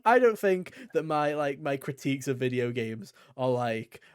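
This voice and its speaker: A man's voice: mid-range voice, animated, moderate pace, clear, resonant tone, no room sound, studio quality. A man co-hosting a gaming podcast in casual chat, joking and mocking himself, often breaking into laughs. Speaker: podcast co-host.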